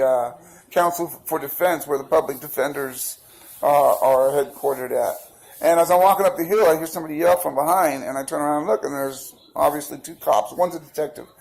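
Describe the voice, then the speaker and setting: A man's voice: on the high side, vocal fry, low-quality recording. A man telling a personal account in a rambling, casual way, full of fillers and restarts, acting out the other people's quoted lines. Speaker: protester recounting events. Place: outdoors by a busy street.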